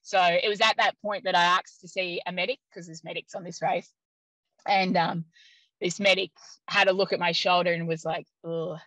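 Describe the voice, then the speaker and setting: A woman guest telling a story in casual conversation, lively, laughing often and using many "like" fillers. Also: fairly low pitch, normal speed, dry recording, rough recording. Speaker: interview guest.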